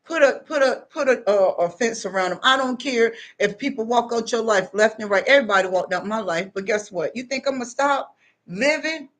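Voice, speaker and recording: A woman vlogger giving casual spiritual advice, preachy and animated, repeating phrases for emphasis. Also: fairly high pitch, brisk.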